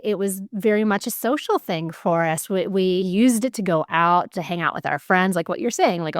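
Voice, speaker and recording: A woman hosting a podcast, telling a personal story in candid, animated casual chat and swearing freely. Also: medium pitch, clear, resonant tone, no room sound, studio quality. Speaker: podcast host.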